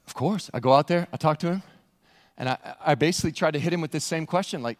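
A man's voice: a little high, fast. A man preaching a sermon, talking conversationally and repeating words as he presses a point. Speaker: pastor. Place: church sanctuary. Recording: long hall reverb in church.

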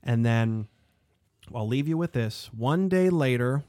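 A man hosting a casual history podcast, talking in an animated, rambling way with lots of fillers. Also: medium pitch, slow, no room sound, clean studio sound. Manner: animated, digressive, frequent fillers. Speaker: podcast host.

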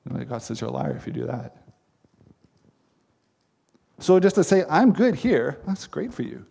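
Gravelly-voiced man preaching a sermon. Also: medium pitch, sing-song, unhurried, dark tone. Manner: earnest, emphatic preaching with repeated phrases. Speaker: pastor.

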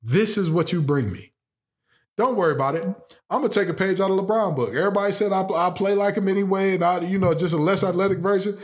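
A man's voice: high voice, fast, voice pushed up, natural voice. A man voicing a frustrated, defiant young star basketball player who is fed up and brushing people off.

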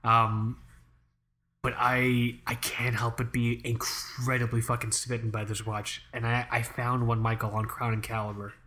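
A young man co-hosting a podcast, animated and joking, with lots of swearing in casual chat. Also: medium pitch, unhurried. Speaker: podcast co-host. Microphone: studio microphone.

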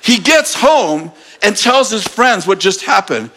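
A man preaching a sermon, retelling a scripture story in lively, casual storytelling. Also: high voice, takes it slowly. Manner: animated storyteller, acting out characters. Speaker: pastor.

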